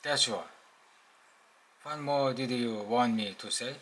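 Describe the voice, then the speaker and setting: A man with a Korean accent voicing a blunt, impatient male engineer in a slow, careful reading. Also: medium pitch, a bit bright.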